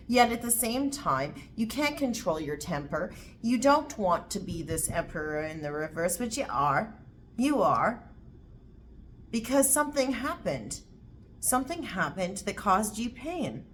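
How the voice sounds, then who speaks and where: A woman's voice: medium pitch, very animated, a little slow, slight background noise. A woman giving a casual tarot reading to camera, blunt and repetitive, swearing freely as she talks. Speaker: tarot reader.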